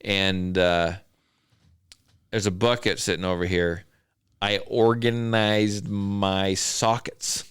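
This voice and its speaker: A podcast host from southern Idaho speaks slowly in a lowish, level voice that is fairly bright and clean, recorded in a clean home studio with no echo. In casual chat he rambles wryly and lists things off.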